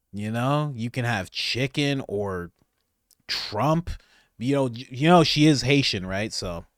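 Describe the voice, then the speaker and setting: A man's voice: mid-range voice, fairly bright tone, dry recording, clean studio sound. A man hosting a commentary channel, reacting to clips with frequent laughter and mocking disbelief. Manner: laughing often, incredulous and mocking.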